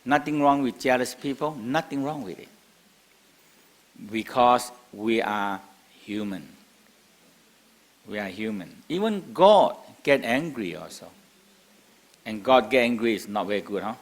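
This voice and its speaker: A man's voice: medium pitch, lively intonation, a little slow, pauses often. An older man teaching a class in simple, broken English, asking the room rhetorical questions and chuckling between points. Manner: non-native English, broken grammar, chuckles often, asks rhetorical questions. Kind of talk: spoken lecture to a class.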